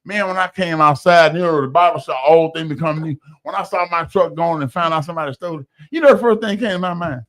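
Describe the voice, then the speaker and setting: A man in his fifties shares his recovery story as a guest, preaching it like a sermon and acting out quotes with folksy slang and laughter. His voice is a little high and a bit bright. He talks fast, barely pausing.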